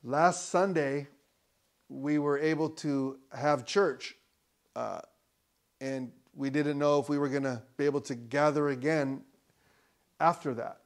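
Male pastor, slightly high voice, relaxed preaching that builds to loud emphatic lines. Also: slow, long pauses. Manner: conversational preaching, rising to loud emphatic peaks, joking asides. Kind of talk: sermon. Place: church.

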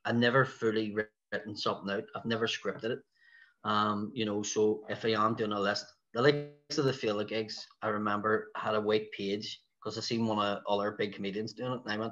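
Belfast comedian telling a lively story. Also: male voice, on the low side, brisk, dull audio. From West Belfast, Northern Ireland. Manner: animated storyteller who acts out the voices of other people. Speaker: stand-up comedian, guest. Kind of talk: casual anecdote telling.

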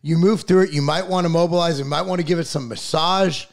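Brief: middle-aged guy, higher-pitched, profane and passionate, casual podcast talk. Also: steady tone, fast talker. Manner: profane, fired-up ranting.

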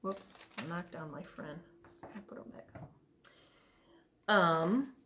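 A children's librarian reading a picture book aloud at story time, with hushed asides to the children. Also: female voice, on the low side, takes it slowly, pauses often.

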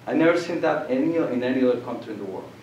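A man's voice: mid-range voice, racing, lo-fi sound. An older man from Colombia, giving a public lecture and telling stories, acting out voices and laughing. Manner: animated storyteller, acts out voices and laughs. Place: lecture hall. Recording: echoey room, distant mic, faint noise.

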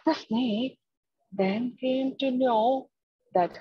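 Female storyteller, slow and expressive, breathy tone; dull lo-fi online audio. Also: medium pitch, no echo. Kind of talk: storytelling for children. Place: home, online talk.

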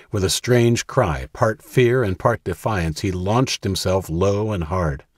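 The audiobook is a tense thriller, narrated from a script by a man with a deep, husky voice in a steady, measured manner. It's a dry, close recording without any room sound.

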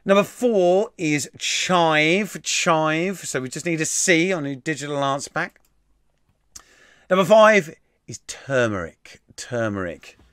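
A man's voice: on the high side, lively intonation, slow, a bit bright, clear, resonant tone, no echo, studio quality. A man hosting a live-stream quiz, reading out answers in a chatty, sweary way and laughing at himself. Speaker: quiz host. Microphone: desk mic.

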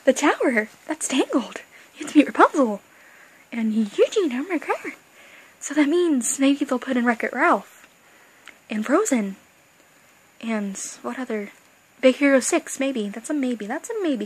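A young woman chatting excitedly as a fan vlogger, rambling and gushing, with bursts of excitement and quiet asides. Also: high-pitched, slightly rough, poor audio. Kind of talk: excited casual fan chat.

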